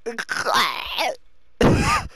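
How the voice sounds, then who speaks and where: A young man in casual chat with a friend, laughing constantly and yelling in bursts. His voice is bright and fairly high, swinging widely in pitch, and he talks slowly between outbursts. The recording is dry and close. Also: huge pitch swings, gravelly, slightly rough, dry recording. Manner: giggly, bursts into loud laughing shouts; crude, swears a lot.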